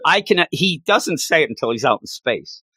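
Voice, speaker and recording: Brief: lively male co-host, lots of laughter, pitch jumping around, dry mic. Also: normal speed, breathy edge, no echo. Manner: animated, laughs often, trails off and restarts. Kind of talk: casual chat.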